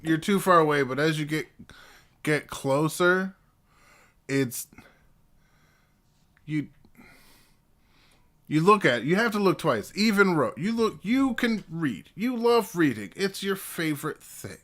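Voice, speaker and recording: A man narrating as game master of a tabletop game, halting and full of fillers and restarts. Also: on the high side, big pitch swings, fairly bright tone.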